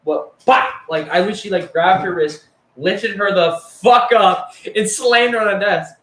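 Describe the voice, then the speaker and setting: A young man speaks at a normal pace in a high, pushed, bright voice, casually recalling a story from school. The room echoes, and he rambles and swears, his speech packed with fillers.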